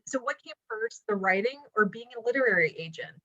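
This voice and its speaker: Halting woman host on a video call. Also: fairly high pitch, expressive, pushed and bright, dull audio. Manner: halting, restarts while asking questions. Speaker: interviewer, fundraiser host. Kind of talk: hosting a virtual chat.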